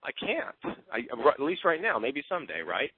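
A man's voice: fairly high pitch, wildly swooping pitch, moderate pace, husky, no room sound. A man giving an earnest, openly emotional motivational talk as a team coach. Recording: tinny phone-line sound.

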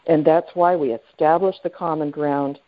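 A woman's voice: deep voice, fairly even intonation, normal speed. A woman leading a sales training call, chatty and full of fillers, often checking in with her listeners. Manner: chatty, with many fillers and friendly questions to the group. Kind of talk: coaching talk on a conference call. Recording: tinny phone line.

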